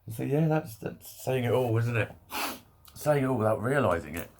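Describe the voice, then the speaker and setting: A man's voice: medium pitch, expressive, moderate pace, a little mellow. A man in a rambling solo vlog rant, swearing often and breaking off mid-sentence. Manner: rambling, swearing, self-interrupting. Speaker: vlogger. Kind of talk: candid solo rant to camera.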